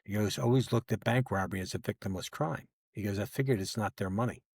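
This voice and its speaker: Speaking fast with a husky, fry-tinged, lowish voice, a retired federal agent in his later years spins a long tale for a podcast and plays both parts of past exchanges. The recording has studio quality and no room sound.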